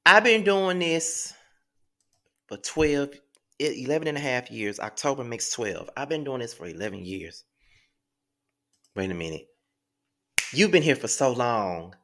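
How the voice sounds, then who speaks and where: A man's voice: medium pitch, animated, moderate pace, pauses often. A man in his thirties hosting his own online show, talking emotionally to his viewers and close to tears, repeating himself as he thanks them. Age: 30s. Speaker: YouTube show host.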